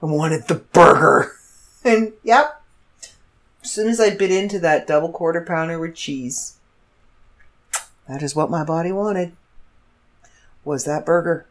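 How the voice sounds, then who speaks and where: A middle-aged woman telling a story in casual chat, animated and laughing as she acts out the other people. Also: low-pitched, measured pace, long pauses. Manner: animated, laughs through her story, quotes others in shifting voices. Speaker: vlogger.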